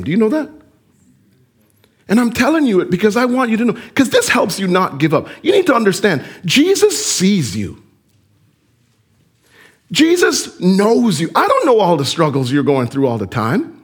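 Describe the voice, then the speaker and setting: Animated high-voiced male preacher. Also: normal speed, husky. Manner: animated preaching, asks the listeners direct questions. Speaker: pastor. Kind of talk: sermon.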